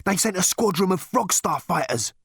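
A man's voice: high-pitched, animated, normal speed, gravelly, a bit bright, breathy edge, dry recording, studio quality, pitched above the performer's own voice, heavily acted. A man voicing a short, stocky, weather-beaten man who talks in an urgent, clipped hiss.

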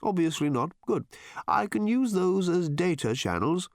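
A man voicing a strange, chatty, shape-shifting bird-like machine in an audiobook, its pitch jumping from very high to very deep. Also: no room sound, clean studio sound, heavily acted. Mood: matter-of-fact. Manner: shifts pitch wildly, calm and briskly matter-of-fact. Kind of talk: audiobook character voice.

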